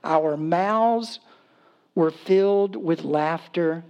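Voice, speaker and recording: A man's voice: fairly high pitch, drawn-out words, lo-fi sound. A man preaching a sermon in a casual, humorous storytelling way, acting out voices and laughing as he goes. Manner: acts out voices in quotes, animated. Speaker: pastor.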